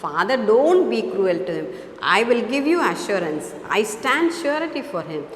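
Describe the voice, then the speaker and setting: A gentle young girl pleading softly for mercy, as a woman with an Indian accent reads her lines in a fairly high voice. The voice rings in a large, echoey hall with faint noise behind. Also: big pitch swings, moderate pace.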